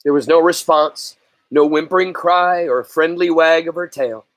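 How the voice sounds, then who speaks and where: A man reading a novel aloud in a slow, earnest storytelling manner. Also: a little high, a bit bright, no room sound. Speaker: reader.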